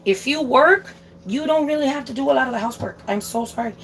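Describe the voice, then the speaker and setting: This streamer's voice is high-pitched, quick, and fairly bright. A young woman in her home kitchen, she washes dishes while chatting casually, as she would while cooking, cursing freely and dropping in bits of Spanish.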